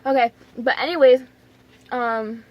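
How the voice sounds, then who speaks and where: A young woman with a high voice tells her story to the camera in a casual vlog. She talks in a chatty, dramatic way and piles up fillers and exclamations as she goes. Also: fairly even intonation, measured pace, muffled recording. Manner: chatty, dramatic, lots of "like" and "oh my God". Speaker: vlogger.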